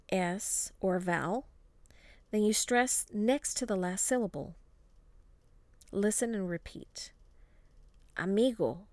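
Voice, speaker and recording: A woman teaching a scripted language lesson, pronouncing model words slowly and clearly for the listener to repeat. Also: mid-range voice, a little mellow, no room sound.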